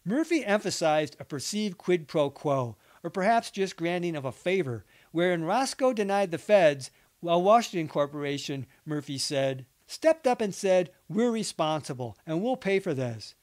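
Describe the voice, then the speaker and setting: A man's voice: sits high, lively intonation, moderate pace, darkish tone. Man reading a documentary account aloud. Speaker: narrator. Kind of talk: documentary book narration.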